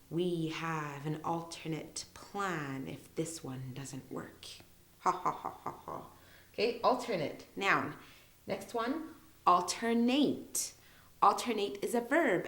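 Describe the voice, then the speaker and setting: A woman's voice: medium pitch, reverberant. A young woman teaching English vocabulary in a patient, careful way, drawing out the example words so learners can hear the stress. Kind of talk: slow, careful teaching explanation.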